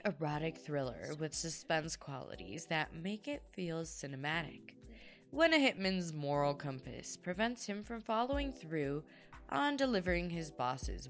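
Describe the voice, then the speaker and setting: A woman reads a short book review in an expressive, promotional manner. Her voice sits on the lower side and swings widely in pitch. Faint music plays underneath.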